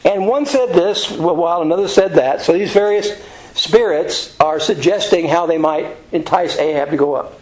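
A man with a fairly high voice leads a casual Bible study. He tells the story in a rambling, folksy way, full of ums and restarts. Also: normal speed, low-quality recording. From United States. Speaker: Bible teacher.

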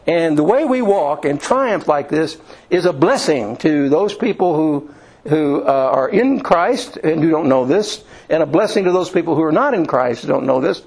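Brief: male preacher, slightly higher voice, homespun storyteller, halting restarts, sermon delivery. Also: darkish tone, poor audio. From Indiana, USA. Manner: folksy storytelling with many restarts and fillers.

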